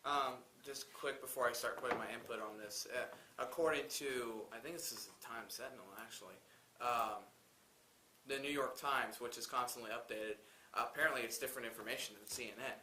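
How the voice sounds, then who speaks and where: A man's voice: mid-range voice, steady tone, brisk, pushed and bright, roomy sound, slight background noise. A young man co-hosting a college talk show, hesitant and self-correcting as he explains. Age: young adult. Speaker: co-host. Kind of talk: casual talk-show commentary.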